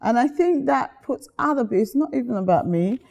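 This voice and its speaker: A middle-aged woman from Guyana, a guest chatting casually in an interview, telling stories lively and acting out the voices she quotes. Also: a little high, fairly quick, vocal fry.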